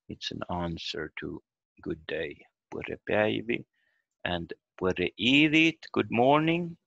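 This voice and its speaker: A man teaching a language lesson over a video call, explaining slowly and haltingly and repeating example words aloud. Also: fairly low pitch, gravelly, fairly bright tone, no echo. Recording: dull lo-fi video call audio.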